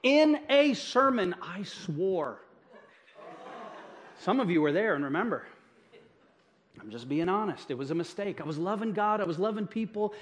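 A man's voice: high voice, very animated, normal speed, long pauses. A middle-aged male pastor preaching from a church stage, telling stories about his own mistakes in a chatty, self-deprecating way with frequent asides to the congregation. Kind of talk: sermon.

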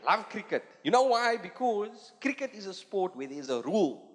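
Animated South African Indian comedian onstage. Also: male voice, sits high. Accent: South African Indian English. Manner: animated, acts out characters in quick put-on voices. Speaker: stand-up comedian. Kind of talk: stand-up comedy set. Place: theatre stage before a live audience. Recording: live hall recording with loud audience ambience.

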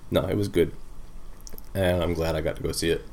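A man's voice: deep voice, fairly even intonation, brisk, a little mellow. A man co-hosting a casual review chat, rambling with lots of fillers and the odd swear. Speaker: podcast co-host.

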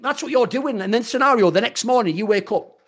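A man's voice: very high voice, animated, a little fast, fairly bright tone. A British man on a podcast, ranting in a heated, profane, mocking way, often slipping into impressions of other people. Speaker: podcast co-host. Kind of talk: heated casual podcast rant.

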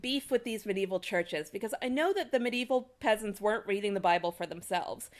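Woman, podcast host, joking storyteller, casual chat, very lively intonation. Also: mid-range voice, fairly quick. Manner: joking, animated storytelling with frequent laughs. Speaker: podcast host telling history.

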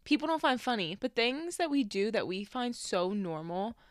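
A young woman co-hosting a casual podcast, telling animated stories with plenty of laughter. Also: on the high side, normal speed, dry recording, clean studio sound. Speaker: podcast co-host. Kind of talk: casual chat. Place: small home studio room.

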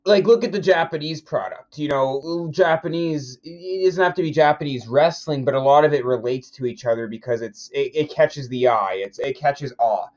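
A man's voice: a little high, moderate pace, hardly any pauses, highs cut off. A man hosting a podcast, chatting eagerly and rambling, often stumbling over his words. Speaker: podcast host. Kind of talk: casual podcast chat.

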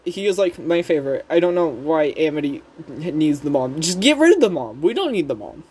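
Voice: medium pitch, big pitch swings, brisk, darkish tone, slight background noise. A speaker casually recapping a cartoon episode in a rambling, chatty way with frequent giggles. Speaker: show recap host.

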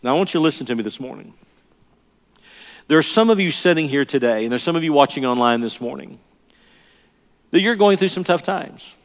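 A man's voice: a little high, expressive, a little fast, pauses often. An older male pastor delivering a sermon in an earnest, emphatic way, often repeating his key phrases. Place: church sanctuary. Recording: long reverb of a large church hall.

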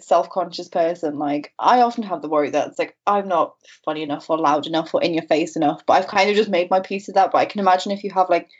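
A woman's voice: on the low side, husky, lo-fi sound. A woman co-hosting a podcast in casual chat, candid and chatty, often saying "like". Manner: chatty, frequent "like", candid and self-deprecating.

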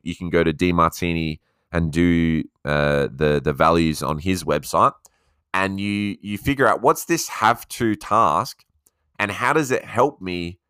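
A man hosting a casual motivational podcast, energetic and rambling, swearing freely. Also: low voice, clear, resonant tone, no echo, clean studio sound. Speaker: podcast host.

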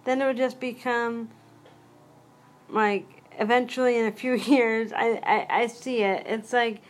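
A chatty woman hosting a solo podcast, her voice a bit higher than most. She rambles from thought to thought and breaks off her own sentences with quick asides. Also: steady tone. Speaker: podcast host. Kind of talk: casual solo podcast talk.

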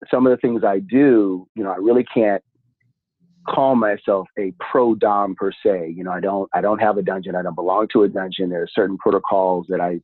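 A man's voice: sits low, no room sound. A man who is a guest on a podcast, explaining his practice in an easygoing way with small chuckles and repeated words, heard over a remote call. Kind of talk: casual interview talk. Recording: tinny phone-like audio, dry.

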